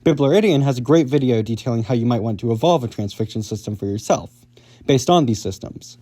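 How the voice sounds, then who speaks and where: A man's voice: medium pitch, animated, fast talker, dark tone. A man hosting an educational video, reading a casual, upbeat script. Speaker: video host explaining linguistics.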